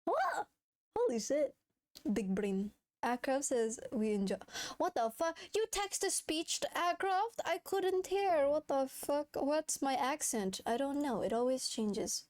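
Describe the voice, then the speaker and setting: A woman's voice: sits high, measured pace, darkish tone. A young woman streaming, chatting casually with her viewers, giggling often and swearing freely. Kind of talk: casual chat reading viewer messages.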